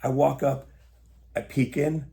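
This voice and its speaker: Man, podcast guest, fry in the voice, casual animated storytelling. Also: medium pitch, a little slow. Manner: animated storyteller, acts out quoted dialogue.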